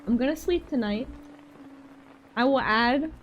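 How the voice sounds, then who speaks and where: A woman with a Georgia accent chatting casually with her live-stream audience and doing tarot readings, excitable and playful. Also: high-pitched, measured pace, dull audio, faint music behind. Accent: Southern US, Georgia. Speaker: livestreamer.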